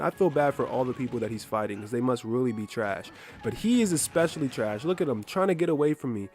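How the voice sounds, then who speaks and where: A man's voice: on the high side, darkish tone. A man giving gameplay commentary as a gaming video maker, trash-talking his opponent with plenty of swearing. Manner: brash trash-talking, profane. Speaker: gaming YouTuber.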